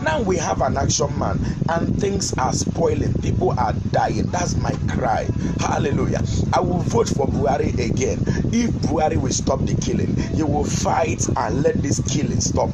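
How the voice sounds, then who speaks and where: A Nigerian pastor preaching with fervor and a high-pitched voice. He punctuates his lines with constant hallelujahs. Heavy background noise and passing vehicles fill the recording. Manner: impassioned preaching, repeats "Hallelujah" between phrases. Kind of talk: online sermon.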